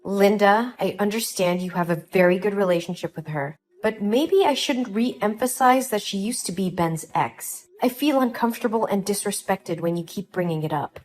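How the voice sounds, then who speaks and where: A woman narrating a dramatized first-person story as a pregnant wife, talking in a calm, earnest, measured way. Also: medium pitch, faint music behind.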